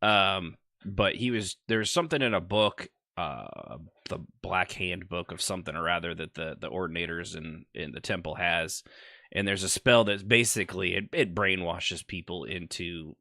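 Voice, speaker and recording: A man with a very low voice and an intensely bright, sharp edge to it chats casually as a podcast host. He rambles through a story with fillers, and the sound is close and dry. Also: normal speed, gravelly, dry recording. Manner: rambling, recounts game events with fillers.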